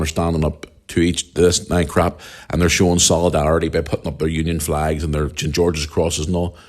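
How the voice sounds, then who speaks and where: A Northern Irish man with a deep, low voice rants on his solo podcast. He talks bluntly and angrily, swearing freely and pressing each point hard. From Northern Ireland. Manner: angry, blunt, heavy swearing, ranting. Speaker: podcast host.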